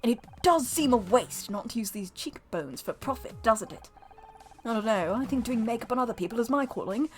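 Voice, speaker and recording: Lady doing a put-on british accent for a dramatic gay makeup artist dude, kinda high and swoopy. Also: expressive, a little fast, slight background noise, natural voice. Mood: wistful. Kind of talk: reading game dialogue aloud.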